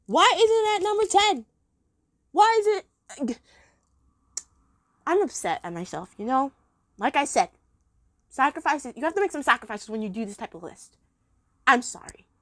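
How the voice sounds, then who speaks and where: A woman's voice: high voice, no room sound. A woman chatting casually as she ranks cartoon episodes, gushing and giggly. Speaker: episode ranking vlogger. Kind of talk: casual chat.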